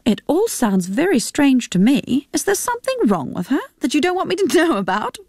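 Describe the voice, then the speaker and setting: Woman reader as fussy prying mum, high lively voice, radio storybook read. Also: normal speed, no room sound, clean studio sound. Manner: pressing, insistent questions. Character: fussy, prying middle-aged mother on the phone. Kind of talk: radio reading of a novel.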